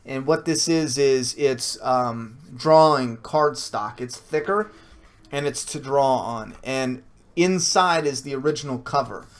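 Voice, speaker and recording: Man, casual Q&A talk, blunt, swears a lot, stops and restarts, mid-pitched voice. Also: unhurried. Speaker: comic creator answering viewer questions. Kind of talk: casual Q&A livestream.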